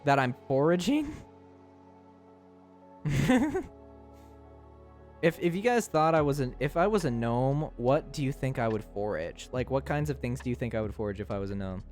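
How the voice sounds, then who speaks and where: A young man streams live and bounces through a playful chat with viewers, his pitch leaping up and down with every tease. He laughs constantly and stumbles over his words in quick restarts. Faint music plays underneath. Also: animated, darkish tone.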